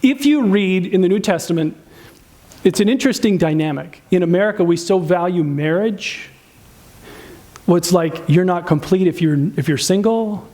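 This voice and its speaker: A man's voice: high-pitched, normal speed, a little mellow. A man preaching a sermon on relationships in a conversational way, asking the congregation questions and acting out spouses' complaints in a raised voice. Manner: conversational, asks the audience questions. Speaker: pastor.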